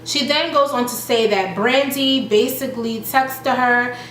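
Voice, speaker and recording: Chatty woman recapping with animated quotes. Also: on the high side, unhurried. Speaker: reality show reviewer. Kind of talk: casual recap vlog. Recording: echoey room with faint noise.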